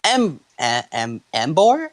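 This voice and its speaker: A man's voice: on the high side, huge pitch swings, slow, no echo, low-quality recording. A young man casually reading fanfiction aloud to friends, often stumbling over names and restarting lines. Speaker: fanfiction reader.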